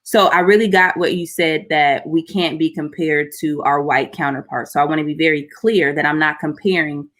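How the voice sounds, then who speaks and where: A woman guest in a casual group discussion, speaking softly and deliberately. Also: low voice, fairly even intonation. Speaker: panel guest.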